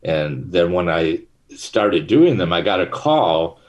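Deep-voiced man rambling through stories. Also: sing-song, slow pace, lo-fi sound. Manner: rambling, many fillers and restarts. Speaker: actor and guest. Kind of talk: casual interview chat.

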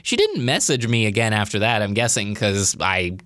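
Lively young man telling a story. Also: fairly low pitch, normal speed, no room sound, studio quality. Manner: chatty, lots of fillers, animated quoting of himself. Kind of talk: casual personal storytelling.

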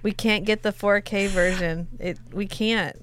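A woman's voice: mid-range voice, steady tone, fairly bright tone. A woman in her thirties co-hosting a podcast, adding wry, teasing comments in casual chat. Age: 30s. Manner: wry, quick interjections, teasing. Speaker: podcast co-host.

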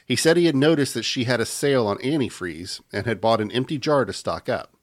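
A man hosting a podcast, reading a true-crime story aloud in an even narrating tone. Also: mid-range voice, fairly quick. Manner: reads the story aloud in an even narrating tone, breaking into laughter at the banter. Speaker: podcast host.

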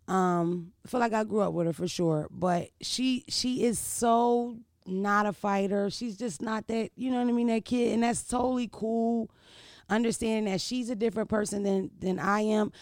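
A woman's voice: mid-range voice, moderate pace, darkish tone, dry recording, clean studio sound. A woman in her thirties, a vlogger, telling stories in a blunt, profane, casual way and often checking in with the listener. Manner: blunt, profane, keeps asking "you know what I mean". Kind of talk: casual storytelling chat.

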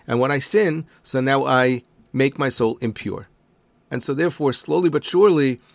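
A man giving a calm, deliberate spoken lesson on prayer, explaining each term with care. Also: medium pitch, vocal fry, dry recording. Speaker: teacher.

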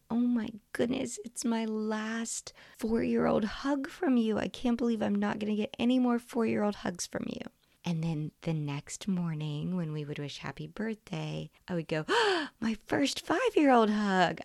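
A woman's voice: sits low, creaky, a little mellow, no room sound, clean studio sound. A middle-aged woman hosting a podcast, telling a personal story in a heartfelt, confiding way. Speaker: podcast host.

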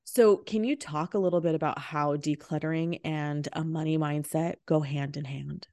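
A woman hosting a podcast in casual chat, frank and lively, with casual swearing. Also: low-pitched, normal speed, no room sound. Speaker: podcast host.

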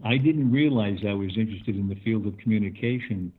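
A man's voice: on the low side, a little fast, slightly rough. An older man, an actor, being interviewed and talking thoughtfully with little chuckles and restarts. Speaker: guest. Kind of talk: conversational interview. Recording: tinny phone line.

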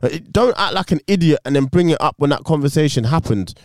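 A man with a high-set voice talks with wide, lively swings in pitch, his opinions blunt and salted with swearing. He co-hosts a casual podcast chat. The sound is close and dry, with no room around it. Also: fast, dry recording. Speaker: podcast co-host.

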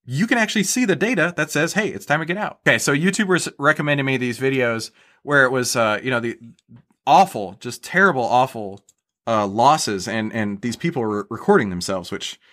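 A man's voice: medium pitch, expressive, a little fast, a bit bright. A man with a mid-range voice talks through his method as a podcast guest. He explains things casually, stumbles over repeated words, and often tags on "right?". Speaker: guest, stock trader.

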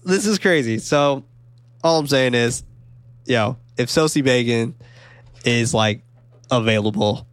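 A man co-hosting a casual film discussion, talking excitedly, swearing often and acting out lines from the movie. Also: medium pitch, takes it slowly, long pauses, clean tone, dry recording. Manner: animated, swears a lot, acts out quotes. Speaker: podcast co-host.

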